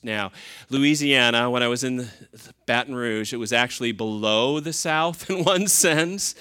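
A man's voice: mid-range voice, pushed and bright, smooth. Conversational male pastor preaching. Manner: conversational, asks the listeners rhetorical questions. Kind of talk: sermon.

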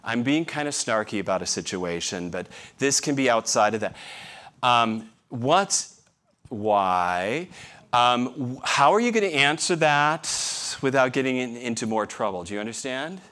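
A man's voice: medium pitch, expressive, a little slow, sharp tone. A middle-aged man, a pastor, giving a conversational sermon full of rhetorical questions and wry self-deprecating humor.

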